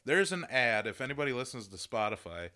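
Bright-voiced, profane man co-hosting a podcast. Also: medium pitch, very animated, fast talker, clear, resonant tone. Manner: profane, laughing, does mocking impressions. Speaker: podcast co-host. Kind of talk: casual banter.

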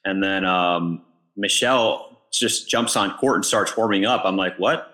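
Co-host type: a man with a low, bright, punchy voice; animated storyteller who restarts words. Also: a little slow. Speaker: pickleball pro and podcast co-host. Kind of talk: casual podcast chat.

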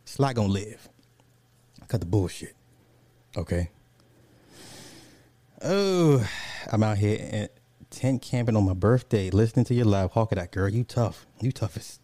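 With a lowish, warm, mellow voice, a male streamer talks at normal speed with long pauses, reading comments, ranting animatedly, laughing a lot, and cursing casually. The sound is dry and close, with no echo.

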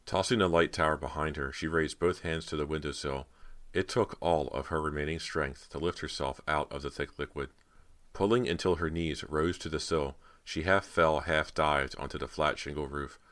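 A man narrating a horror audiobook in a measured, dramatic reading. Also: extremely low pitch, steady tone, fairly bright tone.

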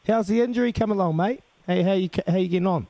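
A man with a New Zealand accent and a high, dark-toned voice talks quickly as a radio co-host, joking around and calling everyone mate. It's casual radio banter with a matey feel, and there's no echo.

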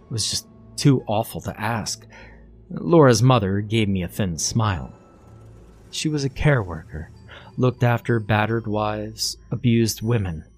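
A man narrating a horror story in a low, hushed delivery. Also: lively intonation, measured pace. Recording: faint music underneath.

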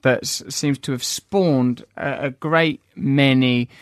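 A man's voice: mid-range voice, steady tone, slow, dry recording, clean studio sound. A man interviewing, rambling and searching for words with many restarts in casual conversation.

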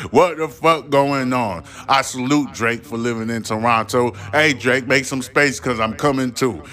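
A man's voice: medium pitch, bright, forceful tone. A man hosting a solo podcast, ranting in a heated, profane and defiant way, preaching at his listeners. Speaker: podcast host.

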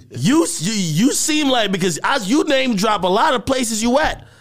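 A man hosting a podcast, asking questions in an incredulous, animated way. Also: very high-pitched, a little slow. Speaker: podcast host. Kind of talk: podcast interview.

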